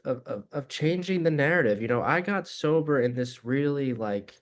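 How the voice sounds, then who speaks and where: A man's voice: mid-range voice, normal speed. Earnest man explaining his views. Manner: animated storytelling, acts out voices in anecdotes. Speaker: guest, addiction treatment director. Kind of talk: reflective conversation.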